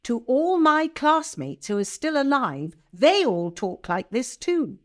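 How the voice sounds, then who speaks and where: Older english woman with a posh accent, crisp careful consonants, slow talker, voice goes up and down a lot. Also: high voice, big pitch swings. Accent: upper-class English. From England. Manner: very precise, crisp diction with pure vowels. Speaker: guest. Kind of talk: conversational interview.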